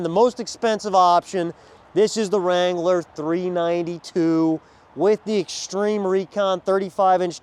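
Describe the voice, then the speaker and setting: A man showing off vehicles on a dealership lot outdoors, talking to viewers in a casual, energetic walkaround. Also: high voice, clean tone. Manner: energetic, chatty, addresses viewers as guys. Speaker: car salesman at a dealership.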